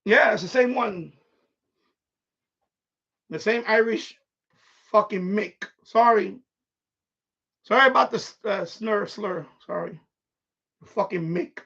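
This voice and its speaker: A man's voice: high voice, slow pace, vocal fry, long pauses, a bit bright, husky. A man hosting a live stream and telling a profane, worked-up story about a tenant, laughing often as he talks. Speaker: live stream host, landlord. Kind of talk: casual storytelling rant. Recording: dull lo-fi stream audio.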